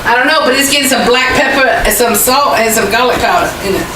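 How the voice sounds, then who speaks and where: A woman's voice: on the high side, fast. A woman cooking in a casual kitchen video, chatting as she describes what she is doing. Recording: echoey room, mic far off, loud noise.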